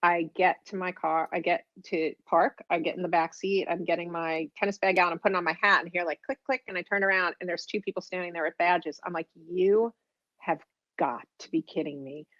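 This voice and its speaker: A middle-aged woman guest telling her story in an animated, rambling way, full of fillers and restarts. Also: on the low side, quick pace, hardly any pauses, no room sound. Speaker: guest author. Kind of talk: casual storytelling interview. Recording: dull, dry remote audio.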